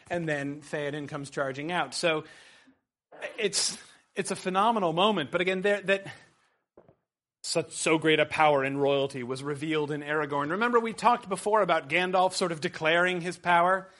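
A middle-aged man teaching a class, leading discussion and quoting passages with excitement. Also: on the high side.

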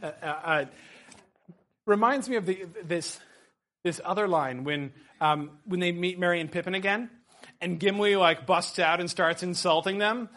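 Animated man leading a class discussion. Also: high-pitched, moderate pace. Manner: animated, quoting passages with excitement.

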